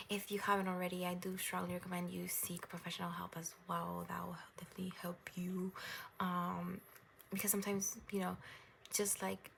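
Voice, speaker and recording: A young woman talks through a tarot reading in a loose, rambling, gentle way. Her voice has a gravelly fry, and she sits at a mid pitch. A faint hiss of background noise runs under the recording. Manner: rambling, gentle and reassuring, laughs at herself. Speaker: tarot reader. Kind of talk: casual tarot reading to camera.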